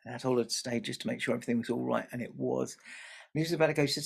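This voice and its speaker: Male family storyteller, chatty, gravelly. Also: mid-range voice, steady tone, rapid-fire. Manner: chatty, asides to the audience.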